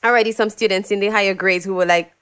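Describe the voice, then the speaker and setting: A young woman tells stories from her life in a relaxed interview. Her voice is smooth and clear, and she gets animated as she acts out what other people said. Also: mid-range voice, fast talker. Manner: animated storyteller, acts out quotes, laughs often. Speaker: guest, singer. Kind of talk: casual interview chat.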